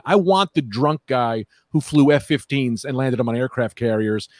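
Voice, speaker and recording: A man's voice: mid-range voice, normal speed, hardly any pauses, dry recording. A man talking in a casual comedy podcast, riffing with edgy jokes. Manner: lively, joking, edgy riffing. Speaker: podcast guest.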